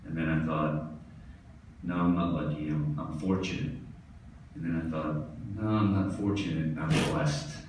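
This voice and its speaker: This is a tennis pro's hall of fame induction speech, in which he tells humorous stories and chuckles at his own jokes. His extremely low, steady voice has a darkish tone and a slightly slow pace. Slight background noise and a distant, echoey hall sound mark the recording.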